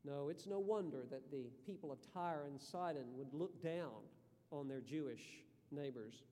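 A male pastor, preaching a measured sermon and reading scripture. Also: a little high, dark tone. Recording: reverberant hall.

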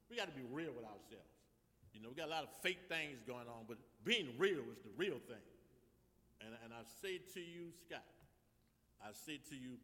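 A man with a New Orleans accent, a reverend speaking at a funeral, stumbling at first and then building into fervent, shouted preaching. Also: mid-range voice. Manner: halting restarts, then rising to fervent shouted exhortation. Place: church funeral service. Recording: long reverb in a large church.

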